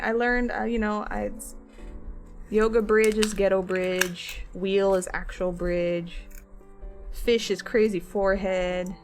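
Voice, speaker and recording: A woman's voice: mid-range voice, steady tone, slow pace, a little mellow, soft background music. A woman chatting casually on a livestream while she works on crafts, rambling and laughing at herself. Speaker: streamer and craft artist.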